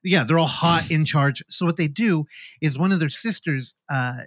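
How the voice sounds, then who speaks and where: A man hosting a casual movie podcast, retelling a film plot with profanity and quick acted-out lines. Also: on the high side, no room sound, studio quality. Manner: animated, profane, acts out movie scenes. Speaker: podcast host. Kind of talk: casual movie review chat.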